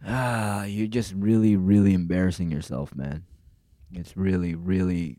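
A man's voice: low voice, steady tone, unhurried, warm tone, no echo, studio quality. Sarcastic, profane man ranting. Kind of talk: casual ranting monologue.

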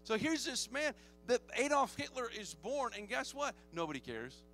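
A man's voice: very high voice, very animated, moderate pace, sharp tone, faint music behind. A man preaching a sermon as pastor, joking often and calling for amens from the congregation.

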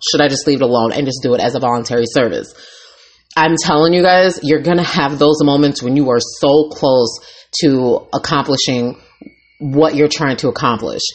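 A woman hosting her own podcast as a life coach, talking in a raw, candid and emphatic way. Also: low-pitched. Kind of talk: casual motivational talk.

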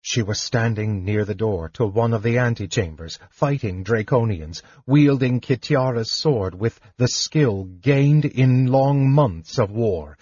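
A man reading a fantasy audiobook in a measured, dramatic narration. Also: mid-range voice, a little mellow, slightly rough, no echo, dull audio.

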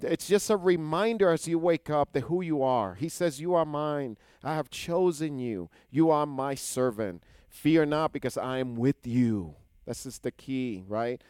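Male Bible teacher, fairly high and clear voice, dry close sound, explains Hebrew words and questions the room. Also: a little slow, few pauses, a little mellow, no echo. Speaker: Torah teacher. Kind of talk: scripture teaching.

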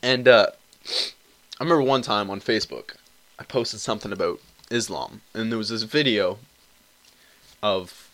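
Bright-voiced young man ranting. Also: fairly low pitch, no room sound. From Canada. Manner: rambling, crude and profane, many restarts. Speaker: podcast host. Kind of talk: casual solo podcast monologue. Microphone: cheap computer mic.

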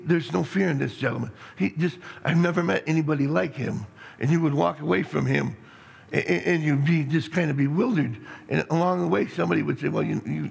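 A middle-aged man preaching a sermon as pastor, rambling and excitable, with many restarts and stammers. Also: a little high, gravelly, breathy edge. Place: church sanctuary. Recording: long reverb in a hall.

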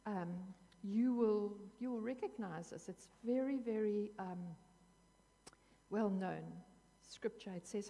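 A woman's voice: mid-range voice, darkish tone, slightly rough, long reverb tail. A woman preaching a sermon in an earnest, emphatic way, repeating phrases for weight.

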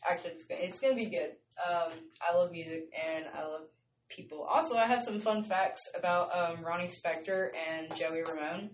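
A woman's voice: fairly low pitch, normal speed, distant mic. A woman hosting her show in a casual, rambling, chatty way, often laughing. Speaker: show host. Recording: roomy sound from off-mic with faint noise.

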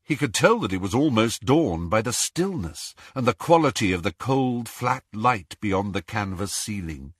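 A man narrating an audiobook with slow, dramatic delivery. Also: on the low side, lively intonation, husky, dry recording, studio quality.

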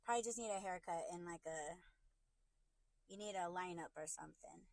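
A woman's voice: lowish voice, moderate pace, no echo, low-quality recording. A woman hosting a podcast livestream from her car on a phone, talking bluntly with lots of swearing and going over the same points again and again. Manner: blunt and profane, repeats herself. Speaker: podcast host. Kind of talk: casual livestream rant.

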